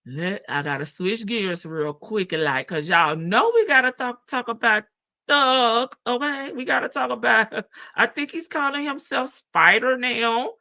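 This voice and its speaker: A woman hosts a casual livestream, her voice bright and a touch high. She talks in a sassy, chatty way, laughing easily and calling her viewers baby. The stream audio sounds a little dull and muffled. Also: measured pace. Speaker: livestream host.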